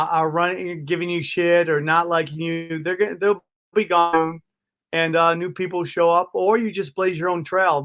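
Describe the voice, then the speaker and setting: A middle-aged comedian, a guest on a casual interview, tells stories with lots of energy, swearing freely and calling people "dude" and "bro." He also sounds a little high.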